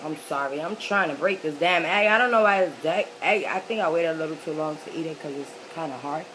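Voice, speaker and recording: A woman's voice: sits low, a little fast, a bit bright, slight background noise, rough recording. A woman vlogger telling a story in a chatty, rambling way while she eats, with lots of fillers. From New York City. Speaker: mukbang vlogger. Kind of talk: casual storytelling while eating.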